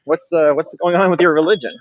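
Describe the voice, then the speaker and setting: A man's voice: a little high, fast talker, no room sound, dull audio. A man co-hosting a casual livestream while riding his motorbike, chatty and laughing often. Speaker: livestream co-host. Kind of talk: casual chat. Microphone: camera on a bike mount.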